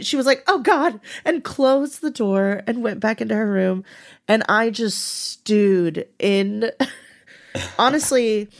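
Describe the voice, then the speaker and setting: A woman co-hosting a casual podcast, talking candidly, swearing freely and laughing often. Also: mid-range voice. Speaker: podcast co-host.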